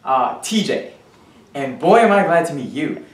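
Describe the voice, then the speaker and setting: A woman's voice: low-pitched, sing-song, unhurried. A woman acting a pushy, nosy teenage boy neighbor, an ex-child star, who talks in an awkward, overfamiliar, giggly way. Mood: eager. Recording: echoey room, mic far off, faint hiss.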